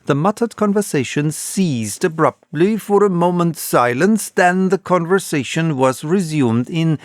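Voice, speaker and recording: A man reading a classic novel aloud, unabridged, with slow, expressive storytelling. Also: on the high side, no room sound, studio quality. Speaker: audiobook reader.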